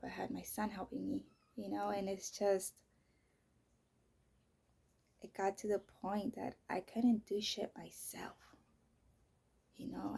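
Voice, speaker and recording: A woman in her thirties speaks casually and bluntly, swearing often. Her voice is husky, with a gravelly edge. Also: medium pitch, mellow. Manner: candid, heavy swearing, frequent "you know" and "like". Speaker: vlogger. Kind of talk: casual personal storytelling.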